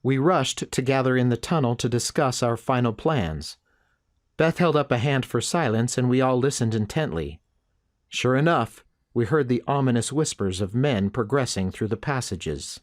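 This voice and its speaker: A man with a voice in the middle range narrates an audiobook in the first person. His reading remains steady and measured.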